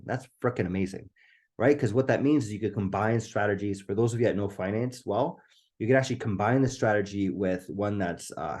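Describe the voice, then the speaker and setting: A man with a low, mellow voice is running a live online webinar through a computer microphone, and his voice is starting to get slightly hoarse. He speaks with enthusiasm and keeps ending his points with "right?"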